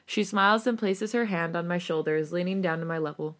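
A woman podcast host reading a romantic fan fiction story aloud in a casual, animated and sometimes giggly way. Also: lowish voice, brisk.

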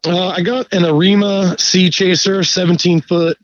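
A man telling a fishing story in a laid-back, profane, animated way during a casual chat. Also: high-pitched, normal speed, no room sound, muffled recording. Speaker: guest angler.

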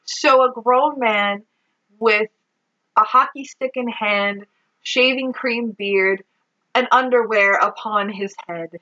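Woman, podcast co-host, casual movie recap, bright tone, slightly dull recording. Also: on the high side, fairly even intonation, slow. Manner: chatty, exasperated, swears and laughs.

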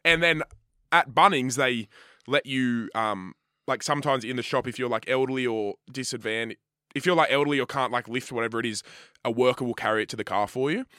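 A young man, co-hosting a casual podcast, an animated storyteller who swears a lot. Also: medium pitch, brisk, no room sound, studio quality. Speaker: podcast co-host. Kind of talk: casual chat.

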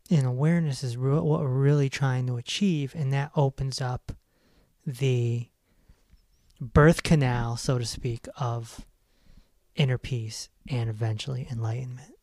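A man hosting a self-help podcast, talking in an emphatic, animated way and laughing at his own stories. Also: medium pitch, unhurried, no room sound, clean studio sound. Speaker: podcast host. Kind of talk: casual self-help monologue.

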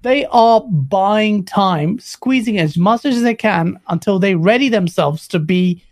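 A man's voice: high-pitched, measured pace. A man from Pakistan co-hosting a casual gaming chat, emphatic and opinionated. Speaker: podcast co-host.

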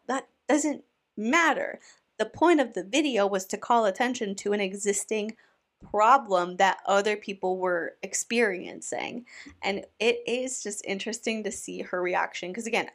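A woman's voice: mid-range voice, a bit bright. A woman hosting her own channel, talking through a story in a conversational, opinionated way. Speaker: commentary YouTuber. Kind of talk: casual commentary.

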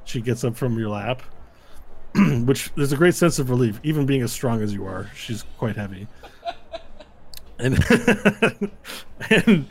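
Slow, husky-voiced game master. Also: male voice, mid-range voice. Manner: casual, rambling narration with frequent laughter. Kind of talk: narrating a tabletop game.

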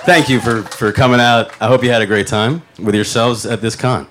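A man's voice: medium pitch, steady tone, brisk, fairly bright tone, a little hiss or hum. A man hosting a live podcast panel, enthusiastic and casually swearing. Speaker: podcast host. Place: convention panel before a crowd.

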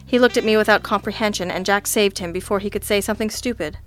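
Female narrator for a detective audiobook, dry and wry, mid-range pitch. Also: fast, faint music behind. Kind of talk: audiobook reading of a detective story.

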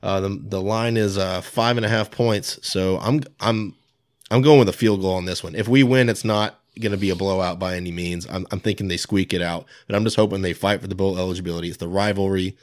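A man's voice: low voice, fairly even intonation, a little fast, dry recording, clean studio sound. A man co-hosting a casual football podcast, teasing the others with wry banter. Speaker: podcast co-host. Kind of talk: casual sports chat.

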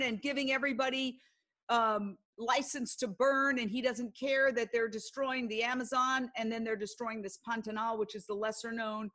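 An older woman speaks as a podcast guest in a fairly high voice. She tells her stories earnestly, acting out what others said, in a relaxed conversational way. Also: moderate pace. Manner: earnest storyteller, acts out quoted speech. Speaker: guest, broadcast journalist.

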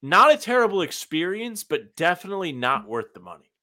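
A young man co-hosts a laid-back podcast, rambling through everyday stories. His voice has a bright, forward edge. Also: high-pitched, very animated, brisk. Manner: chatty anecdotes, many "like" fillers. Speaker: podcast co-host. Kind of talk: casual chat.

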